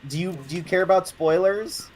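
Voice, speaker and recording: A man's voice: high-pitched, fairly quick, a little hiss or hum. A man hosting a gaming stream, chatting casually and laughing often, restarting his sentences. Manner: animated, laughing, many restarts. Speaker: stream host.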